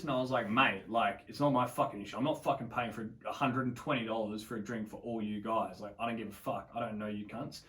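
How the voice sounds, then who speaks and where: Fast-talking Australian man telling a story. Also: on the low side, fairly even intonation, a bit bright, recorded from a distance. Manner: swears a lot, acts out quotes. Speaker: podcast guest, rapper. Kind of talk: casual storytelling.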